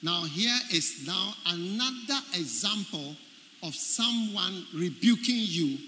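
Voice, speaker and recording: A man's voice: sits high, animated, slow, sharp tone, slight background noise. A man preaching a sermon, emphatic, repeating key phrases and quizzing his listeners. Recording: echoey hall with faint ambience.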